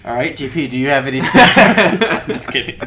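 A man's voice: mid-range voice, very animated, brisk, very noisy. A young man in casual chat, telling rambling stories with frequent laughs.

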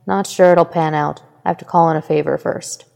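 Woman playing a bored terse male mentor, low creaky voice, long reverb. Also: steady tone, fairly quick, a little mellow.

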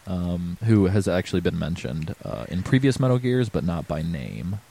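Man, very low voice, loose podcast co-host, rambles with ums. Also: lively intonation, normal speed, vocal fry, warm tone, breathy edge. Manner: rambling, filler-heavy, swears. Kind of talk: casual game discussion.

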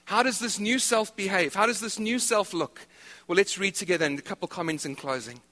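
High, bright-voiced preaching man. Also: brisk, in a large hall. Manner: animated preaching with repetitions. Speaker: pastor. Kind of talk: sermon. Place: church hall.

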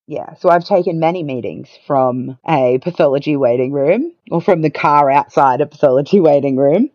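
A woman's voice: deep voice, moderate pace, no room sound. Candid woman, dull lo-fi sound. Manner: candid, matter-of-fact, wry. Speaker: podcast guest. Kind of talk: casual conversational storytelling.

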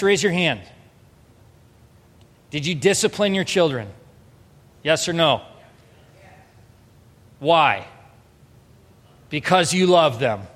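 A pastor in his thirties preaching an earnest, emphatic sermon, moving between soft storytelling and raised exhortation. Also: high-pitched. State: emotional, near tears. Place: church hall. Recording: reverberant hall.

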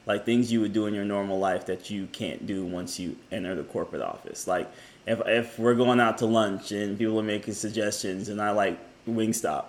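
A man's voice: on the low side, moderate pace. A man co-hosting a podcast, talking casually, hedging and pushing back in a debate. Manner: relaxed, hedging with fillers, pushes back. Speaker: podcast co-host.

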